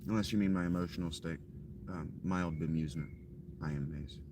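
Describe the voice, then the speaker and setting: A man's voice: sits low, steady tone, fairly quick, noisy background. A man streaming a survival game live, chatting casually with viewers in a dry, offhand, often profane way. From Ohio.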